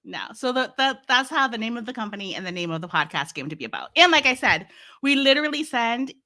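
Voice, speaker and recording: A bright, forceful-sounding woman with a Massachusetts accent, talking casually in an interview. She tells her stories with energy, laughing often and slipping into other people's voices. Her tone stays crisp and clear throughout. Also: on the high side, fast talker. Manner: lively storyteller, laughs often, acts out quotes. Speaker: podcast host and guest.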